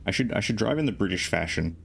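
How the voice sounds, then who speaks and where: A sleepy man with a very low voice rambles through driving-game commentary, cracking self-deprecating jokes. A faint hiss and keyboard clatter sit behind him at his home computer. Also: expressive, fast talker, gravelly, a bit bright. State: sleep-deprived. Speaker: streamer. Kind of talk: casual gameplay commentary.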